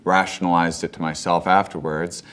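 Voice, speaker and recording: A stand-up comedian in his thirties tells a wild story in a deadpan way. His voice sits low but rings bright and forceful, and it jumps high whenever he acts out his own panic. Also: moderate pace, clear, resonant tone. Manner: deadpan, then bursts into high panicked acted-out quotes.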